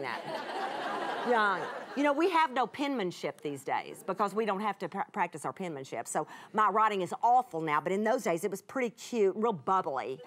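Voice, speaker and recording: A woman's voice: mid-range voice, fairly bright tone. A middle-aged woman, telling an emotional personal story in a folksy, chatty way that turns tearful at times. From United States. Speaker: Bible teacher guest.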